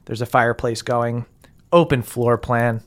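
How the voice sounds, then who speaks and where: A man's voice: medium pitch, fairly even intonation, unhurried. A man narrating as game master of a tabletop game, loose and laughing, with plenty of fillers.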